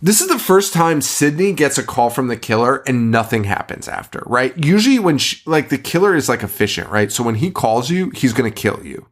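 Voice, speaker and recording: A man co-hosting a casual movie podcast, animated and laughing often, hiccuping and burping as he talks into a mic. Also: medium pitch, fairly quick, few pauses. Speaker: podcast co-host. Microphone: studio mic.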